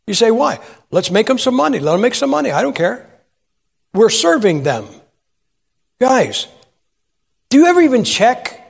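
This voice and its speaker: This older pastor's high voice is creaky and husky, trailing off into a long reverb. He preaches a sermon through stories and questions to the listeners.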